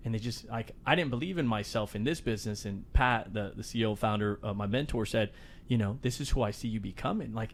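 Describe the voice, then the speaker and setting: A man hosting a podcast interview, telling animated stories and acting out quotes. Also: fairly low pitch, fast, slight background noise. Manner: animated storyteller, acts out quotes loudly. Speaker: podcast host. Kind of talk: casual interview chat.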